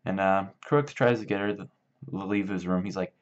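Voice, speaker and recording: Low-voiced man rambling through a comedic retelling. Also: steady tone, moderate pace. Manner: rambling, loose, filler-heavy. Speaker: video maker. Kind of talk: casual comedic book retelling. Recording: dull lo-fi sound.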